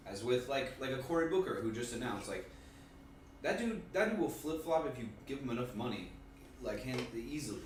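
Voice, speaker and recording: A man's voice: medium pitch, sing-song. A man co-hosting a podcast, earnestly talking politics in casual chat while streaming a video game. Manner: earnest, quick political talk with casual swearing. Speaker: podcast co-host. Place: home streaming setup. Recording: distant mic, very echoey, loud noise.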